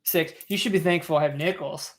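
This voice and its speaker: A man's voice: a little high, a little fast. A man hosting a casual live stream from home, often repeating words as he talks, joking between stammers. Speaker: coin roll hunting live streamer.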